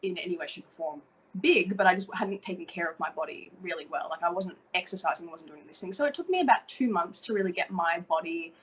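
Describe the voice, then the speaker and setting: Husky energetic Australian woman. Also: fairly low pitch, fast, rough recording. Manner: energetic, chatty, swears casually. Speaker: podcast guest, model. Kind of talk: casual interview chat.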